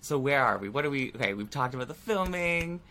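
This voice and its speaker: A man's voice: medium pitch, lively intonation, fairly quick, pushed and bright, a little hiss or hum. A man co-hosts a casual podcast, working through his notes on a TV episode. He talks in a playful, chatty way. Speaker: podcast co-host. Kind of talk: casual chat recapping an episode.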